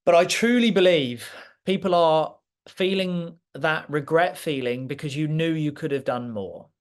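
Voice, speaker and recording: A man with a slightly raised pitch delivers a motivational talk to a live audience. He speaks clearly and with authority, direct and emphatic, pressing his points with passion. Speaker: guest speaker.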